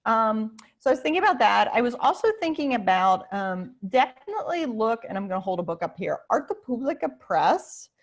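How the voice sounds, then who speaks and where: In a relaxed online Q&A with teachers, a woman professor answers over video, chatty and energetic, stumbling through fillers and restarts. Her pitch is slightly high, her pace a bit quick, and she rarely pauses.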